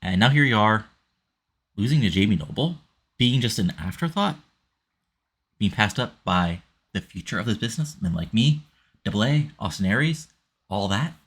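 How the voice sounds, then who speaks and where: A man's voice: lowish voice, animated, moderate pace, pauses often, a bit bright, husky. A man voicing a cocky young male wrestler who talks in a sneering, condescending way. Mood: smug.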